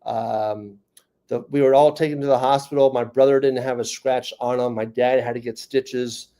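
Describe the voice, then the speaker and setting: A man's voice: mid-range voice, fairly even intonation, normal speed, warm tone. A man in his fifties with a New York accent, a comedian and speaker joking and telling his own story to a conference audience. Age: 50s. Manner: joking, then earnest and personal. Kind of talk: stand-up comedy talk at a conference.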